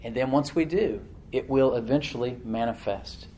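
A man preaching a sermon in a homespun storytelling voice, with mid-range pitch. He drops to quiet asides and then rises into loud, emphatic declarations, repeating his key phrases. A faint noise sits under the recording. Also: moderate pace, rough recording.

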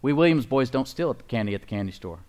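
A man's voice: medium pitch, lively intonation, fast, darkish tone. A man preaching a sermon as pastor, emphatic and folksy, often asking the congregation for agreement and chuckling at his own points.

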